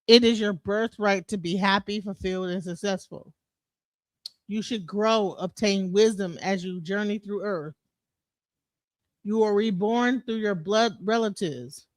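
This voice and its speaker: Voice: mid-range voice, a bit bright, no room sound. A livestream host with a Detroit accent, ranting casually and bluntly, heated and profane, with frequent restarts.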